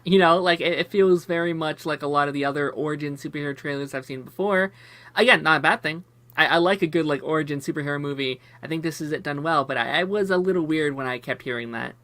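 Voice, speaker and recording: A man's voice: a little high, fast talker, a bit bright, no echo. A man in a casual live stream chat, speaking hesitantly, restarting his sentences and filling with "like". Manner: hesitant, restarts sentences and uses filler words.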